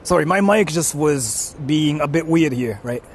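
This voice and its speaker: A man's voice: a little high, animated, a little slow, slight background noise. A young man live-streaming outdoors on a city street, reading chat aloud and rambling with lots of "like". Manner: rambling, heavy use of "like". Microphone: portable streaming mic.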